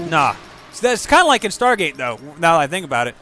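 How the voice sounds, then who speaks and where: A man streams a video game and talks over it in loose, rambling commentary, swearing freely and bursting into excited outbursts. His voice sits high and swings widely. His tone is bright, with faint game music behind him. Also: quick pace. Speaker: gameplay streamer. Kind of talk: casual gaming commentary.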